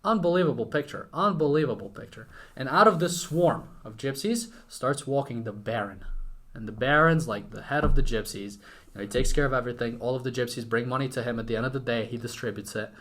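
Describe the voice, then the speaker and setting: Give me an excitable young man from Ukraine telling a wild story with a bright voice. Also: mid-range voice, fairly quick. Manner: excited, swears casually, lively retelling. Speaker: podcast guest, entrepreneur. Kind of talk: animated storytelling.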